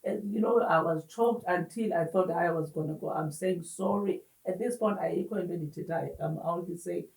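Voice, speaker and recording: A woman, an interview guest giving personal testimony in an earnest, halting way and mixing in Xhosa words. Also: lowish voice, darkish tone. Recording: roomy echo, distant mic.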